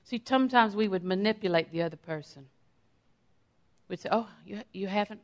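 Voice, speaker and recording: A woman's voice: on the low side, brisk. A middle-aged woman giving a sermon in a conversational way, acting out quotes of her own everyday talk. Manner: conversational preaching with acted-out quotes of herself. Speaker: preacher.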